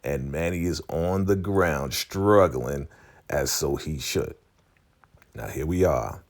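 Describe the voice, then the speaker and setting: A man giving a casual, animated TV recap, slangy and laughing often. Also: extremely low pitch, takes it slowly. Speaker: vlogger recapping a TV show.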